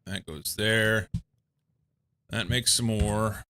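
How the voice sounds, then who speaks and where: A man's voice: fairly low pitch, fairly even intonation, bright, forceful tone, slight background noise. A man streaming a game, chatting casually with viewers and musing to himself as he plays. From England. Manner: slow, musing, talks to himself and to chat. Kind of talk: casual live-stream chat while playing.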